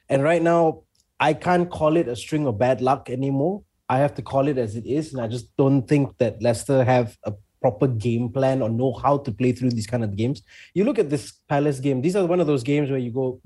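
A man's voice: medium pitch, dark tone, slightly rough. A man on a football panel show, giving frank, emphatic opinions on a struggling team. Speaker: football pundit.

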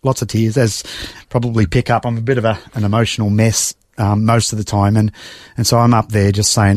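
A middle-aged man tells his own story as an interview guest, his low voice catching with feeling and breaking into sighs and restarts. The sound is dry and close, with no room around it. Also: little pitch movement, a little mellow, no echo. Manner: emotional, reflective storytelling with sighs and halting restarts. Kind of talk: personal testimony in conversation.

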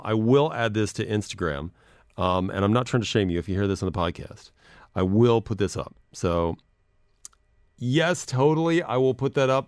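A man's voice: fairly low pitch, smooth, dry recording, studio quality. A man hosting a podcast in casual chat, rambling and self-deprecating as he reads messages aloud. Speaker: podcast host.

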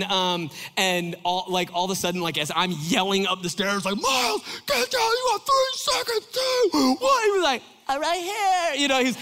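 A man preaching in a loose, chatty way, full of fillers and jokey asides aimed at the congregation. His voice sits a little high and sounds bright and sharp. A long reverb from the church hall trails every phrase. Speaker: pastor. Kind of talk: conversational sermon.

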